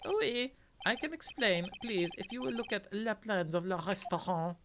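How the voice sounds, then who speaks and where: A man's voice: high-pitched, lively intonation, normal speed, pitched above the performer's own voice. A man voicing a theatrical French male chef with a put-on French accent over game music. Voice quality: exaggerated French words, swearing asides.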